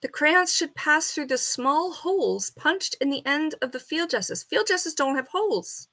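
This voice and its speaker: A woman on a casual live stream, reading quiz questions aloud and arguing with the answers, and now and then talking softly to her bird. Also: high voice, sing-song, unhurried. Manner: chatty, reads questions then argues with the answers. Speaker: falconer streamer.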